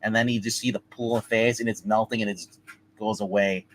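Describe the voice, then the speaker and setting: A man co-hosting a casual movie review show, talking excitedly in rambling sentences with many restarts. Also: fairly low pitch, fairly quick, rough recording.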